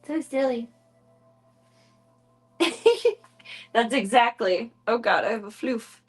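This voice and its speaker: A woman streaming casually from home, chatting to viewers and cooing baby talk at her kittens, her voice jumping high when she talks to them. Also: expressive, slow, faint music behind, poor audio. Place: home room with cat enclosure.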